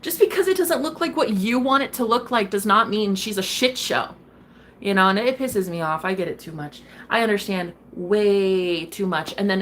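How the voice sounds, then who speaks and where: Woman streamer, casual tarot chat, rambling and profane, heated, mid-pitched. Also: fairly bright tone, a little hiss or hum. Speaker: tarot reader hosting a live stream.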